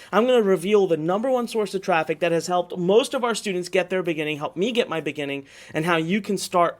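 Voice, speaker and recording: A man teaching an online marketing workshop, telling his story in an energetic, salesy way and checking in with "okay?" again and again. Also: sits high. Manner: animated, repetitive, salesy storytelling with many "okay?"s.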